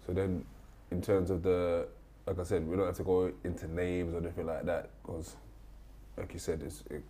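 Man, interviewer, low voice, calm, probing questions. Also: moderate pace. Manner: calm, probing questions, lots of short backchannel. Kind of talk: casual interview.

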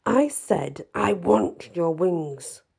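A spoiled, cruel little boy whines and demands, as a woman reads him aloud. The voice is husky and mellow, low for a child. He sounds petulant and sulky. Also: lively intonation, extremely slow, exaggerated voice. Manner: whiny, petulant.

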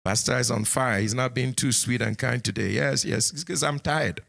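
A man preaching a sermon in church as the pastor, scolding his congregation and swinging from low asides to high exclamations. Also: moderate pace, gravelly, few pauses, fairly bright tone.

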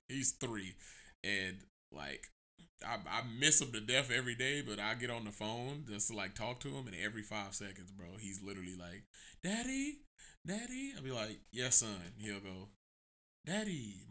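A man in his late twenties chatting casually on a podcast, swearing freely and jumping into a high pitch when he quotes people. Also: vocal fry, bright, forceful tone. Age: 20s. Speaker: podcast co-host. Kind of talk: casual chat.

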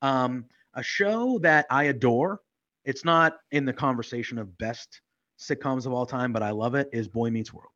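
A man's voice: medium pitch, moderate pace, fairly bright tone. A man co-hosting a casual chat podcast, his voice sitting in a middle register. He talks in a rambling, heartfelt way, full of fillers, and the recording sounds a bit dull and lo-fi. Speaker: podcast co-host.

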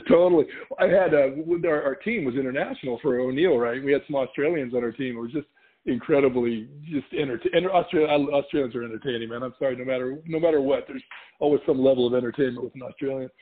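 A middle-aged man from California, a podcast guest telling stories in casual chat, animated and quick to laugh as he acts out what people said. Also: mid-range voice, slightly rough. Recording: tinny phone-like line.

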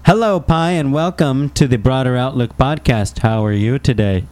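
A man's voice: medium pitch, moderate pace, music in the background. A man hosting a podcast in casual chat, playful and laughing often. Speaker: podcast host.

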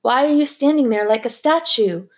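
A woman putting on an excitable, bossy middle-aged restaurant owner in a storybook read aloud. He barks his lines loudly, in a high, commanding voice. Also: moderate pace.

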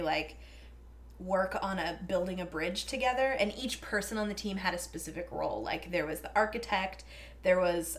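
A young adult woman co-hosting a podcast, telling rambling, self-deprecating stories in casual chat and swearing now and then. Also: fairly low pitch. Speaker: podcast co-host.

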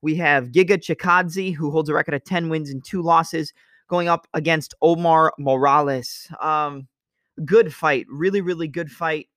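A man's voice: fairly high pitch, steady tone, unhurried, fairly bright tone, dry recording, studio quality. A man hosting a casual fight-analysis show, talking loosely and analytically and sometimes imitating strikes with sound effects. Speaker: MMA analysis host. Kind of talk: casual fight breakdown monologue.

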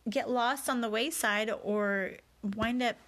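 A woman's voice: on the high side, slow, a bit bright. A woman telling a personal story in a candid, confessional, reflective way as a podcast host.

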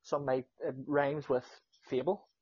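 A young Northern Irish man spins a rowdy anecdote in a slightly husky voice, swearing as he goes and jumping into the voices of everyone involved. The sound is dry and dull, like a low-fi podcast mic close up. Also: unhurried, no room sound. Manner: animated storyteller, swears freely, acts out quotes. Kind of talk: casual anecdote telling.

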